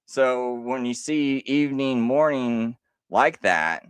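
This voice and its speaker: A man's voice: medium pitch, expressive, slow pace, smooth, dry recording. A man hosting a livestream, rebutting a critic in a sarcastic, mocking tone with frequent laughs. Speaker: livestream host.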